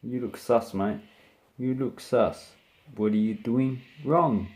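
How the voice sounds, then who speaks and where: A man's voice: mid-range voice, takes it slowly, a little mellow, natural voice. A man voicing a suspicious male police officer with an Australian accent, bluntly repeating his questions. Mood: accusing.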